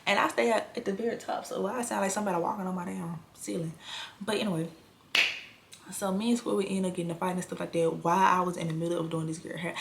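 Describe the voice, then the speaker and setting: A young woman telling a storytime vlog, blunt and animated, swearing freely in casual slang. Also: fairly low pitch, vocal fry, a little hiss or hum.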